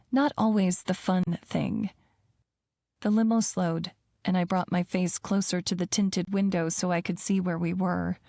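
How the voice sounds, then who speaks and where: A woman narrating a first-person romance audiobook in an even, measured storytelling voice, close to the mic. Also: medium pitch, gravelly, dry recording.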